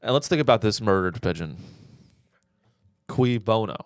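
A man's voice: on the low side, lively intonation, normal speed, dry recording, studio quality. A man co-hosting a casual comedy podcast who laughs easily and restarts his sentences mid-thought. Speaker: podcast co-host.

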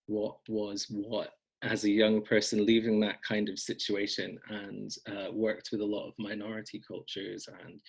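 Heard through poor audio, a man with a fairly low, husky voice chats casually as a podcast guest. He blogs about folk magic, and in the interview he wanders off topic, pokes fun at himself, and fills gaps with many ums.

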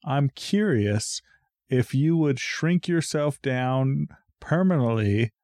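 A man co-hosting a casual basement podcast, reading out listener messages in a mock-formal, deadpan way. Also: medium pitch, takes it slowly, no echo, studio quality. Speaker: podcast co-host. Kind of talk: casual chat. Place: basement studio.

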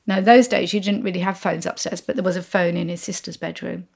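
A woman's voice: fairly low pitch, brisk, gravelly, breathy edge. A woman, telling an anecdote as an interview guest and acting out the voices of the people in it. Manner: animated, acts out the voices of the people in her story.

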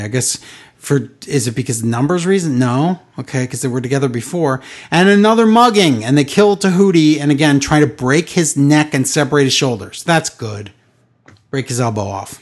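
A man's voice: medium pitch, moderate pace. A man hosting a casual wrestling podcast, giving sarcastic recaps with mocking impressions. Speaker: podcast host.

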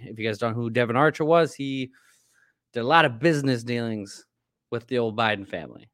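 A man's voice: medium pitch, fairly quick, a bit bright, no room sound, studio quality. A man co-hosting a casual political podcast, rambling with many fillers and restarts. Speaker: podcast co-host.

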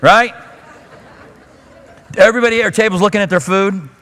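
A man with a high voice preaches casually, slipping into the voices of the people he quotes. The sound carries a long reverb from a large hall. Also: moderate pace, bright, forceful tone, a faint crowd, slight background noise. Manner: conversational, acts out quoted voices. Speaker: pastor. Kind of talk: expository sermon.

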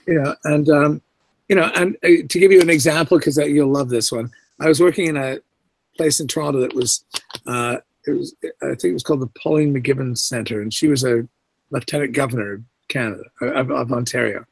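Here a middle-aged male actor, a guest on an interview, recounts anecdotes animatedly and acts out each quoted voice. His mid-range delivery is brisk and carries vocal fry, with a little background noise present.

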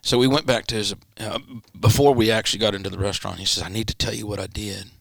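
A man, a pastor, telling a personal story in an interview and acting out the quoted dialogue with sudden pitch jumps. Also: fairly even intonation, quick pace, creaky, a bit bright, no room sound, clean studio sound. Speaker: pastor, guest. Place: church studio.

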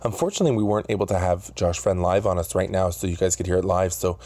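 A podcast host with a low, mellow voice talks fast in a casual interview, rambling and chuckling as he restarts his thoughts, full of fillers. He's recorded on a studio booth mic.

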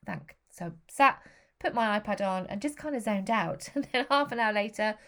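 A woman's voice: mid-range voice, expressive, moderate pace. A woman in her thirties telling a personal story in a frank, emotional way, with the odd swear word. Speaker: vlogger.

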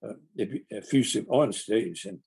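A man's voice: lowish voice, moderate pace, gravelly, darkish tone, husky. An older man, an actor, telling rambling anecdotes in conversation, with many restarts and acted-out quotes. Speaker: actor guest.

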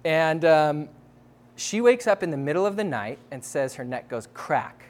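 Male speaker, a bit high-pitched; loose, animated storyteller with casual fillers and laughs. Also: measured pace. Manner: casual, lots of "like", laughs between phrases. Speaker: speaker sharing a testimony.

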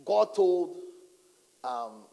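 A man's voice: sits high, very slow, gravelly, dull audio. A man preaching a sermon as a pastor, telling stories dramatically and acting out voices. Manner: animated, dramatic storytelling with acted-out asides. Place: large church hall. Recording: long hall reverb in church.

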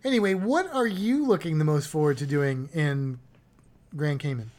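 A woman's voice: low voice, moderate pace, darkish tone. A woman chatting casually about travel plans, rambling and correcting herself as she goes. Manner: rambling, self-correcting, chuckling.

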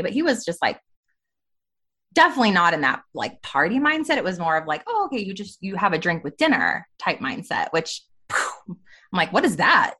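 Woman, thirties, podcast guest, candid personal story, very expressive pitch. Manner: candid, animated storytelling with frequent "like". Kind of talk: personal testimony in a faith podcast interview.

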